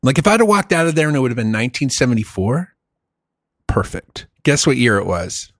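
A man telling stories in casual chat, animated and swearing, saying "dude" a lot. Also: medium pitch, a little fast, no room sound, clean studio sound.

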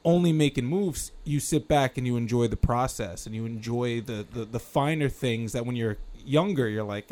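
A man's voice: medium pitch, moderate pace, hardly any pauses, darkish tone. A man co-hosting a casual podcast chat, reflective and heavy on fillers. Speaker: podcast co-host.

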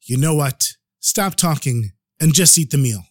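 Man doing a shrill, distraught pious wife. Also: animated, a little slow, dry recording, studio quality. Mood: shocked. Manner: pleading, pitched up and shrill. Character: devout, distraught older Jewish wife.

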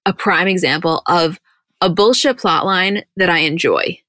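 A woman's voice: on the low side, measured pace, fairly bright tone, no room sound. Chatty young woman, dry close sound. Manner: chatty, rambling, frequent "like" fillers. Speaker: podcast co-host. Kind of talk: casual chat recapping a reality show.

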